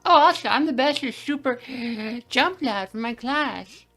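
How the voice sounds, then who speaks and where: An eager little boy of eight, chattering in a high, bouncy voice that jumps all over, with faint music underneath. A woman puts him on for a horror game playthrough. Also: a little slow, heavily acted. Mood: excited. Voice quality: high, excited childlike voice.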